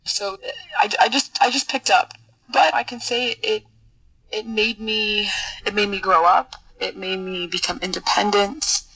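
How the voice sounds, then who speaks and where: A middle-aged woman guest telling a personal story in an interview, earnest and halting, often repeating words as she searches for them. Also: mid-range voice, fairly even intonation, bright, forceful tone, husky, poor audio. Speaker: podcast guest, military officer.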